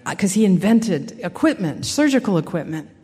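A woman's voice: medium pitch, big pitch swings, normal speed, dark tone, slightly rough, in a large hall. A woman giving an earnest personal faith testimony in a conversational storytelling way, with frequent restarts. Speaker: speaker sharing a personal testimony.

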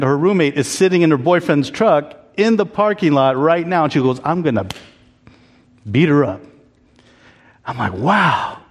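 This pastor's mid-range voice rings out with a long reverb tail inside a church. His sermon is candid and conversational, and he invites the congregation to respond in call-and-response.

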